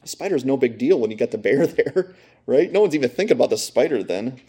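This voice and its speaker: Husky-voiced preacher telling a story. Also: male voice, mid-range voice, expressive, fast, warm tone. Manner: conversational, storytelling with asides. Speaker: preacher teaching a lesson. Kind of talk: sermon.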